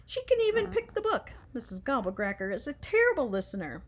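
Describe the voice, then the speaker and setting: A woman voicing a gentle, playful father at bedtime. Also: sits high, wildly swooping pitch, brisk, heavily acted. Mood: teasing.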